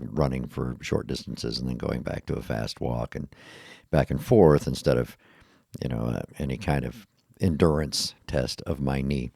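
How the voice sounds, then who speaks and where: Tired and yawning, a middle-aged man rambles through a casual podcast monologue, poking fun at himself and laughing often. His very deep voice sounds gravelly yet mellow, recorded cleanly in a studio with no echo.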